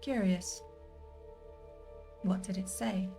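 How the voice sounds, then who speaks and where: Casting: woman reading a proper, dry-spoken robot servant for a story game, formal and matter-of-fact, at a middling pitch. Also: steady tone, takes it slowly, vocal fry, warm tone, faint music behind.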